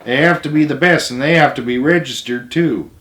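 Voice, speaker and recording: A man voicing an excited old grandfather who runs a country store, talking eagerly and loudly. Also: medium pitch, brisk, close to an everyday voice. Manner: eager, loud, bursting with excitement. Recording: roomy echo.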